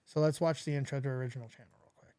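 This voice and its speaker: A man's voice: medium pitch, fairly even intonation, very fast, warm tone, smooth, no echo. A man hosting a casual, crude and mocking reaction commentary. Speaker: host.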